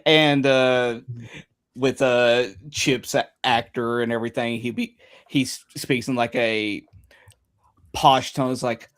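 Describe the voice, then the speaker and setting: A man playing a tabletop game, chatting in a halting, casual way. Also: medium pitch, fairly even intonation, fairly bright tone, smooth. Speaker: player.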